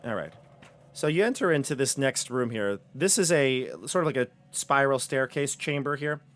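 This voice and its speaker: A man's voice: medium pitch, expressive, normal speed, fairly bright tone. A man running a tabletop game as dungeon master, describing rooms and reading descriptions aloud.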